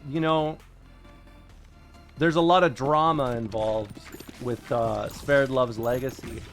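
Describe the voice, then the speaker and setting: A man streaming live, chatting casually and wryly with his viewers, quick to joke and to deny things. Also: medium pitch, faint music behind.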